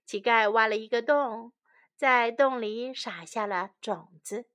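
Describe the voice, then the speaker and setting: A woman reading a children's story bilingually, line by line, in a clear and gentle way. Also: on the high side, measured pace.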